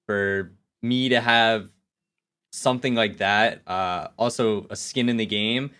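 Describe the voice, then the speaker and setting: A man's voice: on the low side, steady tone, slow pace, bright, forceful tone, smooth. A young man, a gaming guest, answering casually with lots of fillers and a modest tone. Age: young adult. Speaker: guest, pro gamer. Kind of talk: casual podcast interview.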